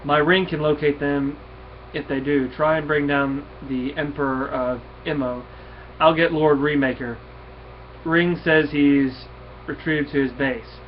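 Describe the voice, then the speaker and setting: A man reading out the lines of a commanding male armored hero giving brisk orders, on a dull lo-fi recording. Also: a little high, steady tone, a little hiss or hum, lightly acted.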